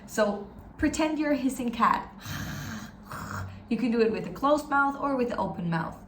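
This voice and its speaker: A woman's voice: on the high side, lively intonation, normal speed, reverberant, a little hiss or hum. A woman, a teacher giving an encouraging, step-by-step pronunciation lesson and having learners repeat after her. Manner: encouraging, demonstrates sounds and has learners repeat. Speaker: German language teacher.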